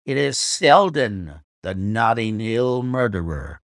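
Guy doing a gnarled little coachman, higher and louder, blunt storybook warning. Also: sing-song, slow, no echo, studio quality, exaggerated voice. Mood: grave warning. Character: gruff hard-faced little old coachman.

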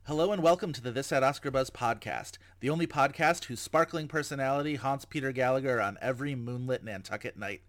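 A male podcast host chatting casually and trading jokes in a wry tone. His pitch sits in an ordinary middle range. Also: brisk, few pauses, a bit bright, slight background noise. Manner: wry, joking delivery. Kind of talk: casual chat.

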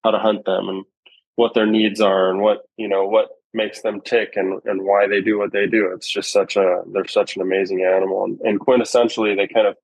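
A man's voice: on the low side, flat delivery, fairly quick, slightly rough, no echo, low-quality recording. A man talking as a podcast guest, reflective and rambling, with many fillers and restarts. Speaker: guest, bowhunter. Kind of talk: casual podcast conversation.

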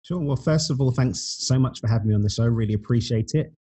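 A man, a guest author, talking in a thoughtful, unhurried way about spiritual ideas, sometimes searching for his words. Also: medium pitch, dark tone, slightly rough. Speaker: podcast guest, author and speaker. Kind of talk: reflective spiritual conversation.

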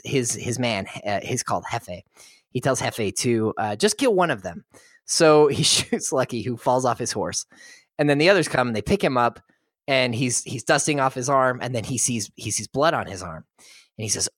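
A man's voice: medium pitch, animated, moderate pace, fairly bright tone, no room sound, clean studio sound. Man chuckling through a film recap. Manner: chuckles while retelling. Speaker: podcast co-host.

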